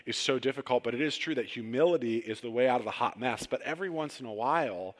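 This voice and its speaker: A man preaching a conversational sermon in a church sanctuary, telling personal stories with relaxed, self-deprecating humor. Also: mid-range voice, fast. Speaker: pastor. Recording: long hall reverb.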